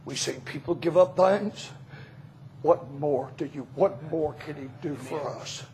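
A man preaching a revival sermon in a church, telling stories and rising into shouts. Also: a little high, unhurried, creaky, a little hiss or hum. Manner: storytelling, bursts into shouting.

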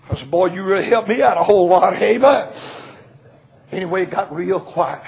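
A man preaching a sermon, telling stories with lots of laughter and swinging from shouted climaxes to hushed retellings. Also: high-pitched, a little fast, gravelly. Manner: laughs through lines.

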